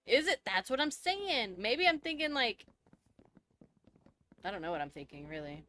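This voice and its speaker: A woman's voice: on the high side, sing-song, normal speed, sharp tone, a little hiss or hum. A woman, live-streaming a game and chatting casually with her viewers, laughing often as she goes. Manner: chatty and giggly, answering chat. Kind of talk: casual chat with viewers while gaming.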